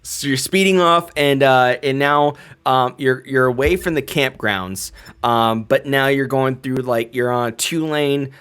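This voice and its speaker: A man's voice: medium pitch, measured pace, a bit bright, clean tone. A man narrating a tabletop game as game master, rambling with many fillers.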